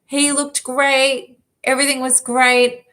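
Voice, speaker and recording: A woman self-help speaker telling a personal story in an emphatic, lively way. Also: high voice. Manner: lively, emphatic, quick asides. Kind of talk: storytelling talk to an audience.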